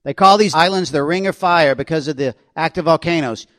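A man voicing a brash, boastful Australian outdoorsman in a book reading. He speaks loudly and pushily, with an Australian accent. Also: a little high, brisk, no echo, close to an everyday voice. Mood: cocky. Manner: boastful, needling, loud and pushy.

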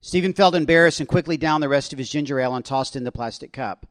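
A man reading aloud from his own suspense novel in a steady, expressive storytelling manner. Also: on the high side, fast, no echo.

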